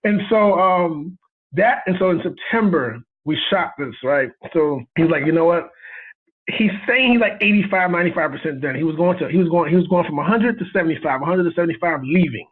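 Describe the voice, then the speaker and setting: Excitable man on a tinny phone line. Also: fairly high pitch, a little fast, slightly rough. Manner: animated, excitable storyteller who laughs often. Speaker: guest cinematographer. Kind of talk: casual storytelling interview.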